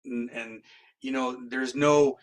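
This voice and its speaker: A man from Canada, a guest in an interview, telling a long story in a rambling, animated way and acting out what others said. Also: mid-range voice, slow. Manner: rambling, acts out quoted dialogue.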